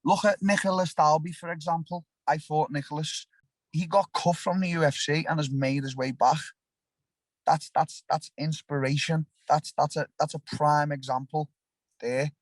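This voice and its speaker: A man's voice: fairly high pitch, steady tone, moderate pace, no echo. A young man with a Liverpool accent, a fighter talking bluntly and animatedly in an interview, often restarting his sentences. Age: young adult. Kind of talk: casual interview talk.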